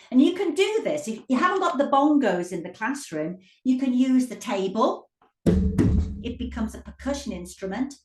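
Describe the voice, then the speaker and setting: Slow, lively woman teaching pronunciation. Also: high-pitched, distant mic. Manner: slow, drawn-out demonstrative speech with lively emphasis. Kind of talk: pronunciation lesson. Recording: echoey room.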